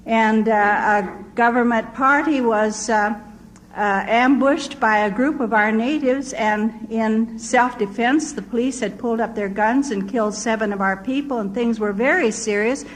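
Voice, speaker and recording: A woman's voice: on the high side, a little slow, poor audio. An older woman, a missionary, telling her testimony as a vivid story. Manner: vivid storyteller who acts out quoted voices.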